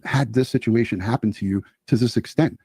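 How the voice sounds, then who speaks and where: A man's voice: mid-range voice, brisk, a little mellow, breathy edge, dry recording, clean studio sound. A man co-hosting a true crime interview show, earnest and indignant as he addresses the audience directly. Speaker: co-host of a true crime channel.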